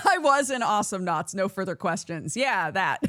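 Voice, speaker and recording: Animated woman streamer with lively pitch. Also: normal speed, no room sound, studio quality. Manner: animated, laughs often, reads chat aloud. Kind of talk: casual chat with viewers.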